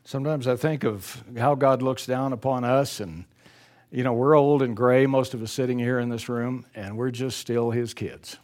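A man's voice: medium pitch, fairly even intonation, normal speed, a little mellow. An older man preaching a sermon, reading a story aloud and breaking off for folksy personal asides, stumbling and correcting himself as he goes. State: choked up with emotion.

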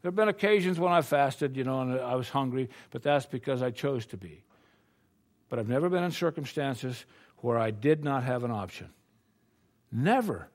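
With a mid-range voice and animated delivery at normal speed, an older man from the United States gives a folksy, conversational sermon packed with rhetorical questions.

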